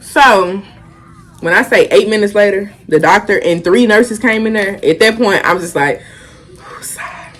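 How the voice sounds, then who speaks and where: A woman's voice: medium pitch, fairly quick, hardly any pauses. A young woman, telling a casual storytime and animatedly acting out the quotes. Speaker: vlogger.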